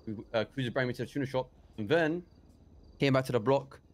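Speaking a little fast in a mid-range voice, this young roleplayer stays in character while retelling what happened. He rambles and hesitates, often restarting and leaning on fillers.

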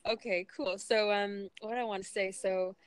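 Woman podcast host, mid-pitched, enthusiastic and conversational. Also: steady tone, smooth, dry recording, rough recording. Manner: enthusiastic, quick with praise. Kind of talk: casual interview conversation.

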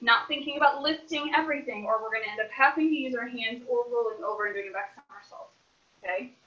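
A woman's voice: on the high side, quick pace, pushed and bright. Upbeat woman counting out a dance class. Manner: counts out beats, upbeat coaching. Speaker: dance teacher. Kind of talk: online dance class instruction. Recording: echoey room, dull lo-fi sound.

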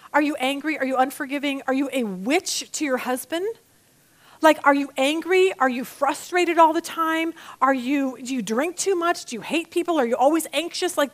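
A middle-aged woman leading a Bible study, teaching in a conversational way and acting out her own inner dialogue as she tells stories. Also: high voice. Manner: animated storytelling with acted-out inner dialogue.

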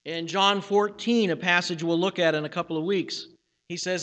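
A man preaching a sermon as pastor, measured, slowing down for emphatic phrases, with some restarts and fillers. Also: high-pitched, steady tone, a bit bright. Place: church sanctuary. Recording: church hall with long reverb.

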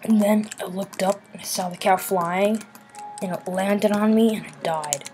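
A woman chatting casually while building in a game, playful and silly, rambling to herself and sometimes dropping into soft murmurs. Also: mid-range voice, fairly even intonation, unhurried, noisy background. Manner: drops into soft murmurs and whispers. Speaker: Minecraft builder. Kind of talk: casual gameplay commentary. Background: background music and keyboard clicks.

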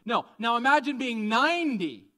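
A man preaching a conversational, animated sermon, often asking the congregation questions. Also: extremely high pitch, moderate pace. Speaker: pastor.

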